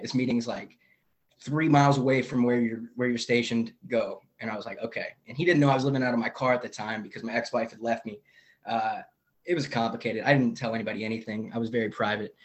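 A young man tells his recovery story over a video call. He talks in a candid, rambling way, full of fillers and side comments, in a voice of ordinary middle pitch. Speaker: AA meeting member sharing. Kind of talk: personal recovery share.

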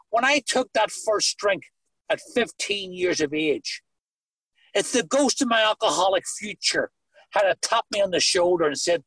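A middle-aged man with a Northern Irish accent tells his own story to a meeting on a video call. His voice sits high for a man and has a husky edge. It sounds close and dry, and he mixes earnestness with dry jokes. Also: bright, forceful tone, dry recording, low-quality recording. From Northern Ireland. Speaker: recovery meeting speaker. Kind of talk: personal testimony on a video call.

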